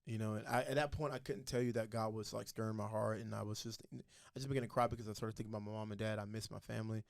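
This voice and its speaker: A man's voice: lowish voice, flat delivery, very fast, vocal fry, dry recording, clean studio sound. A young man, a podcast guest, telling his faith story in a casual, earnest way and acting out the voices of the people in it.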